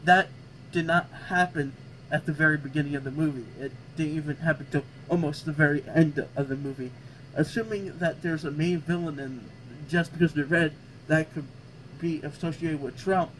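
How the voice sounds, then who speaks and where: A man's voice: a little high, moderate pace, fairly bright tone, slight background noise, low-quality recording. A man hosting a reaction video, talking back sarcastically at what he reads and tripping over words. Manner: stumbles and restarts over words. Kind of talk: casual reaction commentary.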